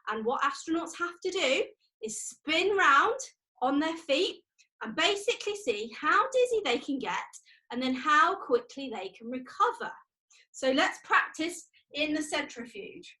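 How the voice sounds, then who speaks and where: A high-pitched, sing-song voice with a sharp edge belongs to a young preschool teacher, who talks a little slowly. She cheerfully directs the children's physical activities in a video lesson, counting each exercise.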